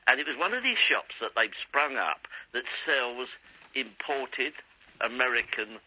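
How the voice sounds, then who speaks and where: A man's voice: mid-range voice, animated, measured pace, bright, forceful tone. An older man calling in to a radio show, telling a story in a chatty way. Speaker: caller. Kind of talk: phone-in chat. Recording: dull dry phone line.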